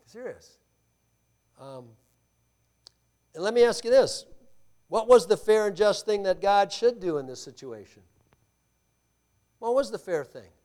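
Emphatic male pastor preaching a sermon. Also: sits high. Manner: emphatic preaching that swings from loud stresses to quiet asides; rhetorical questions to the congregation.

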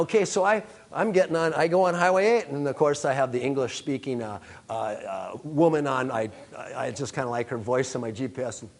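A pastor preaching, telling a lively personal story and acting out his own panic before drawing the lesson. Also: on the high side.

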